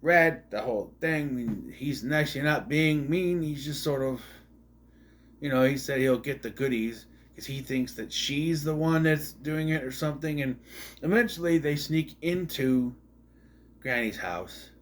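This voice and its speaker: Male reviewer, mid-pitched voice, rambling and sarcastic, casual delivery. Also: unhurried. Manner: rambling, sarcastic, with frequent asides and restarts. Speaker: movie reviewer. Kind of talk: casual spoken movie review.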